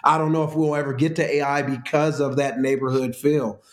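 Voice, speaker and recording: A man's voice: mid-range voice, little pitch movement, brisk. A man with a Southern US accent speaking as an interview guest, friendly and laughing as he tells anecdotes. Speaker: restaurant executive guest. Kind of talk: casual interview chat. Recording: roomy echo.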